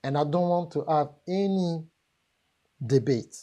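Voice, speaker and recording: A woman with a French accent delivers a live business seminar, speaking directly to the audience with emphasis and jokes. Her voice is low-pitched and dark in tone, and she keeps a measured pace.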